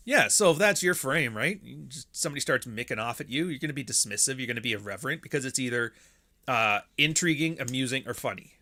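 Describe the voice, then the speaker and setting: Blunt, bright-voiced man ranting. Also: mid-range voice, quick pace. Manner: blunt, profane, animated. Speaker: podcast host. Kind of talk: casual commentary monologue.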